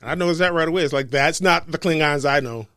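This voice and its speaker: A man's voice: on the high side, fast talker, fairly bright tone, no room sound, clean studio sound. A man co-hosting a podcast in casual chat, speaking plainly and matter-of-factly. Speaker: podcast co-host.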